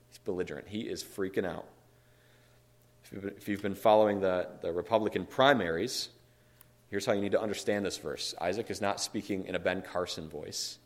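A deep-voiced man leads a Bible study, teaching in a conversational style as he reads scripture aloud and explains it with emphatic asides.

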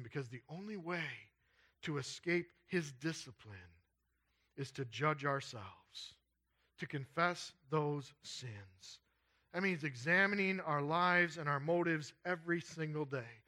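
Reading scripture and then drawing out its application, a male preacher moves at a measured pace. He alternates between forceful, urgent stresses and soft, low-pitched asides.

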